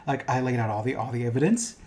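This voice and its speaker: A man's voice: mid-range voice, fast talker, a little mellow. A young man co-hosting a podcast and chatting casually about a cartoon, rambling and swearing. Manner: rambling, profane, fond of asides. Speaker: podcast co-host and game master.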